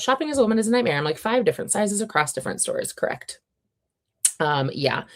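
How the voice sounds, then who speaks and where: Brief: woman, 30s, host of a casual reading stream; low voice, chatty and dry, reads out comments between asides. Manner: chatty and wry, reads viewer comments aloud. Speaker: readathon livestream host.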